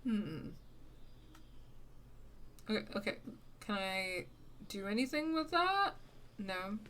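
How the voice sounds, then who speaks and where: Woman streamer, chatty, quick to laugh, mutters at the game, mid-pitched, faint hiss behind. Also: sing-song, a bit bright. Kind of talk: casual live game-streaming chat. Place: lives in the UK.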